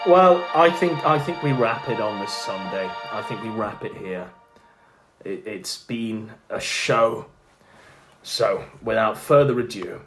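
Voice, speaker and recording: A man's voice: on the low side, slow, fairly bright tone, faint music behind. A man casually rambling and boasting as he wraps up a livestream, mocking and chatty. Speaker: streamer.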